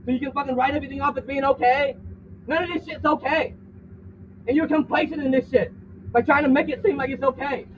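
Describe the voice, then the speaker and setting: A man's voice: very high-pitched, fairly even intonation, fast. A man under arrest in the back of a vehicle, swearing and arguing indignantly, repeating himself. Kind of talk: heated confrontation. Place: inside a vehicle, in handcuffs. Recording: distant, phone-like recording with faint noise.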